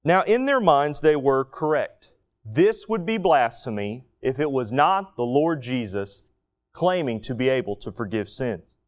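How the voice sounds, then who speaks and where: A man preaching a sermon, telling a Bible story with animated asides and acted-out quotes. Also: mid-range voice, measured pace, soft background music.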